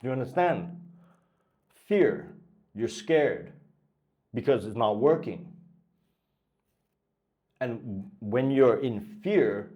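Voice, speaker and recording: Speaking in a mellow mid-range voice, a man coaches traders through a blunt pep talk, cursing without restraint and hammering the listener with the same questions again and again.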